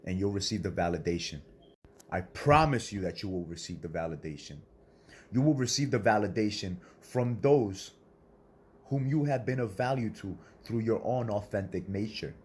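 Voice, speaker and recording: A man's voice: on the low side, animated, normal speed, slight background noise. A man delivering a blunt, profane motivational sermon, preaching in a confrontational way to other men and swearing freely. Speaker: self-styled spiritual speaker.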